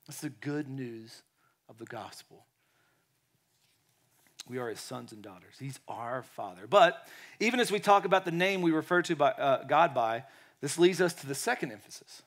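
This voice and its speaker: A man preaching a sermon in a lively way, acting out quotes and dropping to quiet tones. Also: medium pitch, moderate pace. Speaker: pastor.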